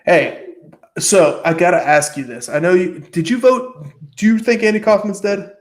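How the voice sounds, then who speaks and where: A man's voice: high-pitched, normal speed. A man chatting casually on a podcast, rambling with lots of fillers and frequent swearing. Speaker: podcast host. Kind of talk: casual chat.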